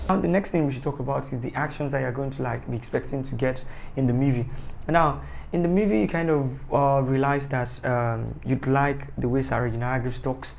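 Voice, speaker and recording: A man's voice: medium pitch, fairly quick, creaky, a little hiss or hum. A man giving a casual, rambling, joking review of a TV series, often correcting himself. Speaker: TV show reviewer.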